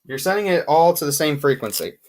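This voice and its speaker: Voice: medium pitch, expressive, fairly quick, darkish tone. A radio equipment explainer giving a casual whiteboard lesson, talking emphatically and repeating points for stress.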